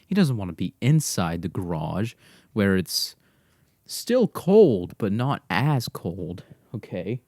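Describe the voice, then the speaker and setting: A man's voice: lowish voice, very animated, slow pace, dark tone, no echo, studio quality. A man hosting his own podcast from his garage, chatting casually in a rambling, self-deprecating way. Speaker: podcast host. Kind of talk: casual solo podcast monologue. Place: home garage. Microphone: desk mic to computer.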